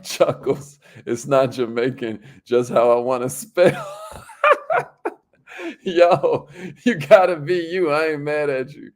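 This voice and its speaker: A man with a lowish, clean-toned voice hosts a livestream in an upbeat, slangy, casual style. He reads viewer comments aloud and laughs often.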